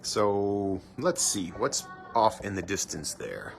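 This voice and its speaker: A man's voice: on the low side, sing-song, slow, creaky, soft background music. A man live streaming from his cruise ship balcony on a handheld phone, chatting playfully and teasing himself while he narrates what he sees. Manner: chatty, playful, self-mocking banter.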